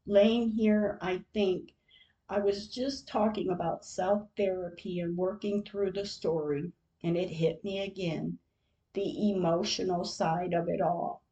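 A woman podcast host, middle-aged, reading her diary entries aloud in a quiet, reflective way. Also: mid-range voice, a little slow, poor audio.

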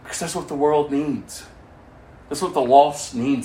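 A man giving a fervent sermon testimony, swinging from loud exclamations to low, hushed tones. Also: normal speed, reverberant, slight background noise.

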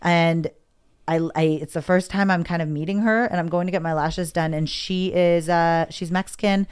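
A woman with a low, smooth and resonant voice tells a personal story in a relaxed conversation. She talks with open emotion and often acts out what she and others said. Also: normal speed. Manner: emotional, candid, quotes herself and others.

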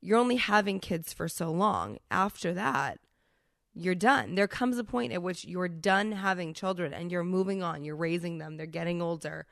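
Thirties woman, podcast host, chatty and candid, a bit congested, lowish gravelly voice. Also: lively intonation, normal speed, a bit bright, dry recording, studio quality. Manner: candid and chatty, with frequent restarts. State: congested from a cold. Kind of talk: solo podcast monologue.

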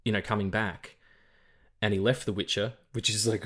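A man's voice: fairly low pitch, big pitch swings, moderate pace. An Australian man co-hosting a podcast in casual chat, rambling and swearing, often repeating words as he stumbles. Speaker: podcast co-host.

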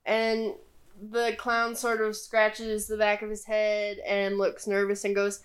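A young woman narrating a tabletop game as game master, in a relaxed way with many fillers. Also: medium pitch, slow pace.

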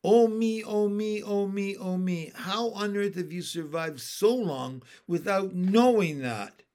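A man's voice: high-pitched, lively intonation, slow pace, a little mellow, pitched above the performer's own voice. A man reading a storybook aloud and voicing a patient, bossy female pond frog who lectures in a teacherly way.

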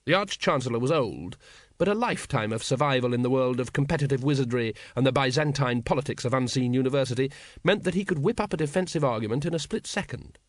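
A man narrating an audiobook in a wry, expressive way. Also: medium pitch, fast talker, dry recording.

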